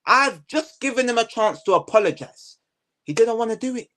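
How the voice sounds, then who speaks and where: A man's voice: very high voice, animated, moderate pace, a bit bright. A man hosts a casual commentary show. He rants heatedly and hammers the same phrases over and over, his speech full of slang. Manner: heated, repetitive ranting with slang. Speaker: host.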